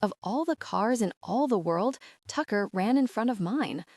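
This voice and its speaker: A woman narrating a first-person romance audiobook in a steady, even voice, read close to the mic. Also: mid-range voice, moderate pace, no echo.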